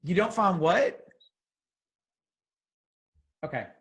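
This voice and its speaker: A man's voice: high voice, animated, extremely slow, a bit bright, husky. A man leading a youth group on a video call, joking and teasing as he asks would-you-rather questions. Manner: playful, teasing, chatty asides. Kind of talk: casual video call hosting.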